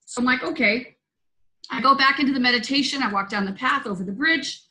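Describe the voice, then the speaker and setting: A woman's voice: sits high, fast, bright, forceful tone, rough recording. A woman hosting a spiritual roundtable over a video call, telling a story in an earnest, loose, conversational way. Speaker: host.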